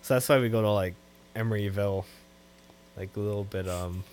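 A man's voice: fairly low pitch, brisk. Man, easygoing podcast co-host. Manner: relaxed, trailing off, laughs often. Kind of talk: casual chat.

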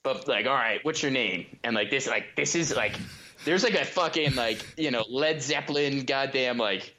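A man's voice: mid-range voice, moderate pace. A young man telling a story among friends in casual chat, acting out voices, laughing often and filling his talk with "like". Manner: animated, acts out voices, laughs often, heavy "like" filler. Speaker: podcast co-host.

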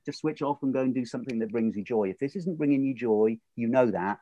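A man in a casual podcast chat, animated and laughing often, acting out the voices he quotes. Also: mid-range voice, fast talker, no echo, highs cut off. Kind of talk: casual conversation.

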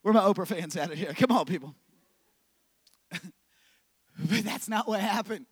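A man preaching a sermon as pastor. He swings from loud shouting to hushed whispers and repeats phrases for emphasis. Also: high voice, a little slow, breathy edge, no room sound.

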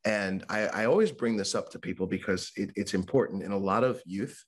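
A man's voice: lowish voice, a little fast, breathy edge. A man who works as a mental health speaker, talking candidly about his own life in a podcast interview. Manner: candid and conversational, acts out quoted voices. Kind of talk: podcast interview, personal story.

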